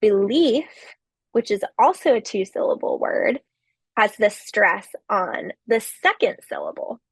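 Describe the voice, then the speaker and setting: A woman giving a recorded literature lecture, explaining slowly with occasional fillers. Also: medium pitch, expressive, fairly bright tone, slightly rough, no echo.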